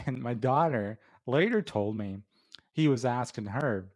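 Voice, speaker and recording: A man's voice: medium pitch, unhurried, darkish tone. A middle-aged man hosting a beer review show, telling a casual story full of fillers and restarts before giving his rating. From Florida. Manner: rambling with many fillers and restarts.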